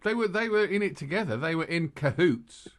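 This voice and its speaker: Jokey rambling English podcast host. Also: male voice, fairly high pitch, lively intonation, fairly quick. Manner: jokey, rambling, laughs at his own jokes. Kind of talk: casual chat.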